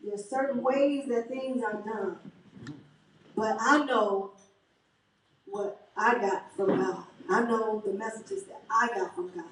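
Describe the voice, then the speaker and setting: A woman's voice: on the high side, fairly even intonation, takes it slowly, fairly bright tone, a little hiss or hum. Author from Chicago, a woman, earnest and rousing, heard from a distance in an echoey hall. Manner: earnest and rousing, addresses the crowd as y'all. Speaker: author hosting her book launch. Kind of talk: speech at a book reception. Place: event hall at a book reception. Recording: echoey hall, mic from a distance, faint ambience.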